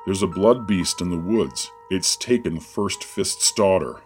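A man voicing an urgent male villager who calls out loudly in an audiobook, low-pitched, with faint music behind. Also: unhurried. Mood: urgent shouting. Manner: calling out loudly through a door.

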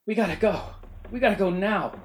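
A man's voice: high-pitched, normal speed, a little hiss or hum, pitched above the performer's own voice, natural voice. A man putting on a panicked drunk young man. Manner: frantic, pleading, shouting.

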